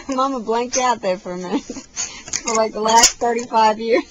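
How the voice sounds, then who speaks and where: A woman's voice: on the high side, takes it slowly, long pauses, a little hiss or hum, low-quality recording. A mother in her thirties plays with her toddler at home, reading a picture book in a playful sing-song voice with animal noises and laughter, recorded on a camcorder. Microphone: built-in camcorder mic.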